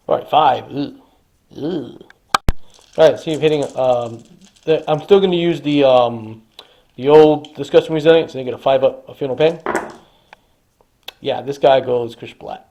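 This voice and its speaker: A man's voice: medium pitch, noisy background. A man casually narrating a tabletop wargame battle report, enthusiastically dramatizing the action. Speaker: hobby wargamer.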